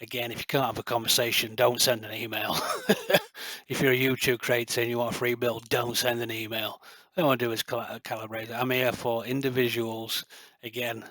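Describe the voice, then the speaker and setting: A man's voice: mid-range voice, level tone, fairly quick, few pauses, bright, forceful tone, no echo. A middle-aged man, a light gun builder talking to camera in a passionate, boastful, rambling way full of fillers. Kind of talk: casual rambling talk to camera.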